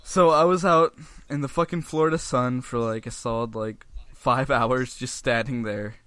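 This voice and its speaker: A man's voice: medium pitch, normal speed, a bit bright, clear, resonant tone, dry recording. A young man hosting a casual podcast, telling a rambling story full of swearing and laughter. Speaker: podcast host.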